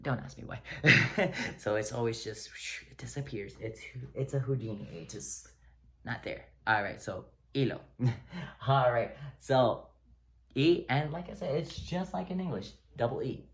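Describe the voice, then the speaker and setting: Relaxed joking man teaching pronunciation. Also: mid-range voice, unhurried. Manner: relaxed, joking, encouraging, with frequent fillers. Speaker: language teacher. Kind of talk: casual video lesson. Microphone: close-up camera.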